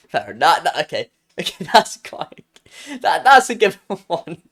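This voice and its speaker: A young man with a British accent, chatting live on stream with a light, higher-pitched voice. His tone swings widely as he jokes and teases his chat. He often stumbles and restarts mid-sentence. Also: sing-song, drawn-out words, long pauses, a bit bright. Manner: joking, playful, trails off and restarts.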